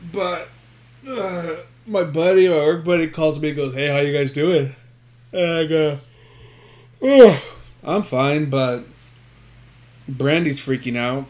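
Man, casual chat, rambling storyteller, heavy swearing, acts out quotes. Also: fairly high pitch. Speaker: friend telling a story. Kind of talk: casual chat between friends.

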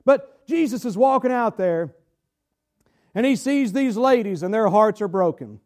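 In a church sanctuary, a man preaches a sermon with a drawl, stretching out his words and putting questions to the congregation. His voice is high-pitched, expressive and unhurried, with a darkish tone.

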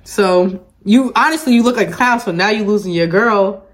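A woman's voice: mid-range voice, moderate pace, slight background noise. A woman co-hosting a casual chat podcast, talking emphatically and repeating her points to drive them home. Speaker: podcast co-host.

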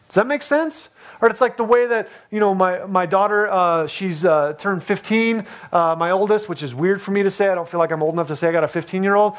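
A man in his thirties preaching a sermon with passion, voicing pleas in a rising, loud voice and repeating his phrases. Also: high-pitched. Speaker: pastor.

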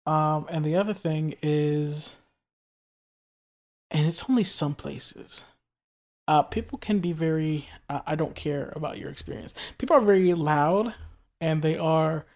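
A man's voice: on the high side, slow pace, long pauses, a little mellow. Laid-back joking New York man. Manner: laid-back, joking, loose storytelling with fillers. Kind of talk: casual chat.

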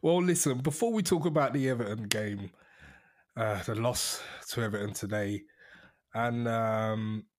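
A man's voice: medium pitch, measured pace. A man hosting a casual podcast in an easygoing, thoughtful way, often chuckling. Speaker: podcast host. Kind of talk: casual chat.

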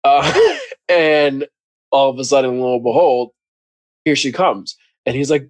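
A man talks casually as co-host of a recap podcast. He is chatty, laughs a lot and slips into voices to act out quotes. His voice sits at a middle pitch, recorded close and dry. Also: a little slow, no echo.

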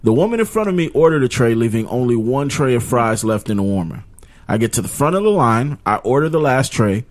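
A man's voice: mid-range voice, lively intonation, brisk. A man co-hosting a casual podcast, slangy and laid-back, laughing often and reading a listener letter aloud. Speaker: podcast co-host.

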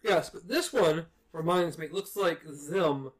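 A podcast co-host in casual chat about a book, making quick, joking asides. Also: medium pitch.

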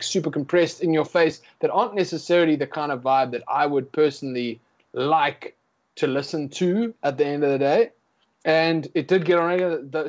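A man's voice: a little high, dull audio. A young man with a South African accent, a guest musician chatting casually in an interview, slangy and easygoing. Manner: laid-back and chatty, slangy.

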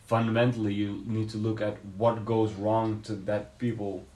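A man's voice: on the low side, little pitch movement, moderate pace, darkish tone. A man co-hosting a podcast, talking through his views in a casual debate, thoughtful and hesitant, with many fillers and restarts. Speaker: podcast co-host.

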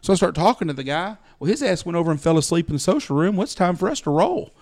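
A middle-aged hunting outfitter tells blunt, folksy stories about his clients on a podcast, acting out their lines as he goes. His high voice is fast and sing-song, with a darkish tone, and the chat stays casual.

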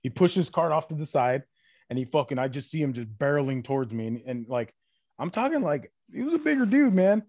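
A man recounts a rowdy story in a casual podcast chat, his speech full of fillers and curse words. His voice sits at an average pitch. The sound is close and dry, with no room around it. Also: expressive, a little fast, a little mellow, dry recording. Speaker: podcast guest, former retail loss-prevention worker.

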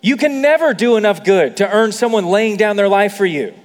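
A man's voice: high voice, expressive, brisk, big-room sound. A man preaching a sermon as a pastor, conversational with many fillers, building to emphatic peaks.

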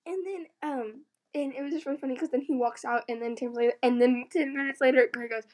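Giggly high-voiced teenage girl. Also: fast talker. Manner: giggly, animated storyteller. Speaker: podcast co-host. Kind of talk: casual storytelling chat.

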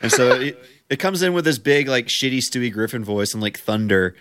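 A man co-hosting a podcast, chatting in a sarcastic, animated way. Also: medium pitch, fairly quick. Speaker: podcast co-host. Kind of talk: casual podcast chat.

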